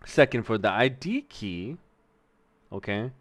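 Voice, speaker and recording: A man's voice: lowish voice, expressive, unhurried, no room sound. A man streaming himself as he learns to code, thinking aloud and muttering to himself. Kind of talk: casual livestream, thinking aloud.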